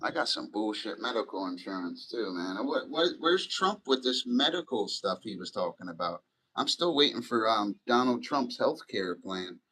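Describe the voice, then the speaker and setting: A middle-aged man streams live and talks in a loose, rambling way, full of swearing. His voice sits low. He drifts from story to story as he answers his chat. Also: expressive, normal speed, sharp tone, husky, rough recording. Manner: loose, profane, rambling and chatty.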